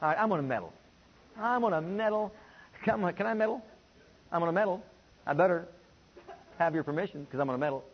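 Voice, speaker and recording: A man preaching a sermon to a congregation, calling for responses and swinging between loud and hushed delivery. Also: sits high, expressive, quick pace, pauses often, breathy edge. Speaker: pastor. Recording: dull lo-fi recording.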